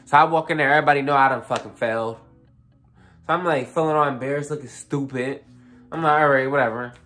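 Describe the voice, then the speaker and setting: A young adult vlogger telling a casual storytime, animated and profane, full of fillers and asides to the viewers. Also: medium pitch, quick pace, soft background music.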